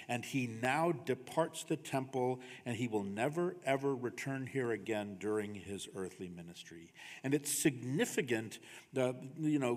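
A man preaching a sermon as pastor, in a conversational style that often tags his points with "right?". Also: medium pitch. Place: church sanctuary. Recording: long reverb of a church hall.

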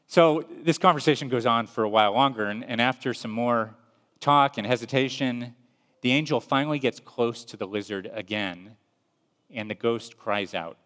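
Man, preacher, earnest storytelling, mid pitch, long reverb. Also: normal speed, a bit bright. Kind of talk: sermon with story retelling.

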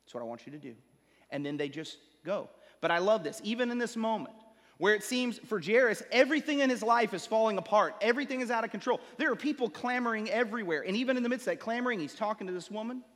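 A pastor with a notably high, light voice delivers an expressive sermon, building with rising emphasis and then easing into slow, quiet lines for weight. The long reverb of a large hall trails his words, like a big sanctuary.

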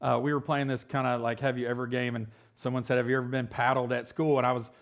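Man, forties, pastor, conversational sermon, gravelly tone. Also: mid-range voice, flat delivery, fast talker. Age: 40s. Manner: conversational, joking, asks "right?" often.

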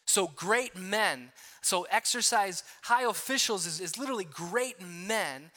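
A man's voice: high voice, expressive, unhurried, bright, forceful tone. A man preaching a sermon, explaining a passage word by word with frequent restarts and asides. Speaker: pastor.

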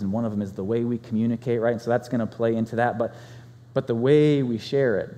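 A male pastor preaching a conversational sermon, telling stories with animated swings in loudness. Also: medium pitch, long reverb tail.

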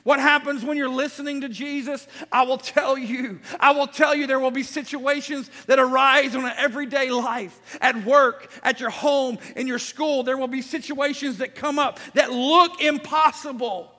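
Male pastor, very high and bright voice, emphatic preacher, long church reverb. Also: fairly even intonation, moderate pace, hardly any pauses. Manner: emphatic preaching, repeats phrases, rises to shouts. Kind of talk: sermon. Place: church sanctuary.

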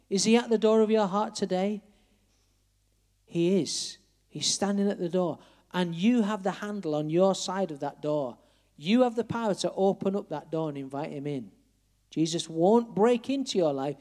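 Earnest preacher man, high voice. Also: darkish tone. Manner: earnest, direct appeals to the listener. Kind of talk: evangelistic sermon.

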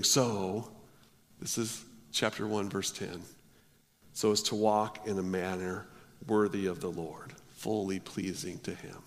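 A male pastor preaching a sermon, often restarting his words, his voice swelling loud and then dropping low. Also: long reverb tail. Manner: stammering restarts, swells and drops in volume.

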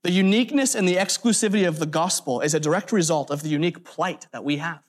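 A man's voice: fairly high pitch, fast talker. A man preaching a sermon in an earnest, emphatic way, stressing lists of words and breaking off for brief asides. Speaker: pastor.

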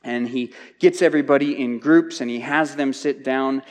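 A man with a mid-range voice and fairly even intonation speaks at normal speed, teaching through a Bible passage in a conversational expository sermon. He often repeats words as he restarts his thoughts, and a long hall reverb surrounds him.

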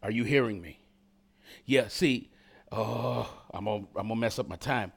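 A man's voice: fairly low pitch, normal speed, creaky, husky. A man preaching a sermon as pastor, addressing the congregation directly with rising intensity and call-and-response asides.

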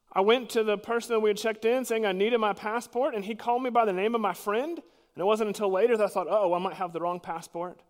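Earnest preacher in a reverberant church. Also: male voice, high voice. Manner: earnest, emphatic preaching with sudden drops to quiet. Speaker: pastor. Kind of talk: sermon.

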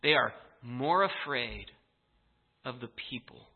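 A man preaching a sermon, telling the story in an animated, emphatic way. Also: medium pitch, takes it slowly, breathy edge. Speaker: pastor. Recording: tinny phone-like audio.

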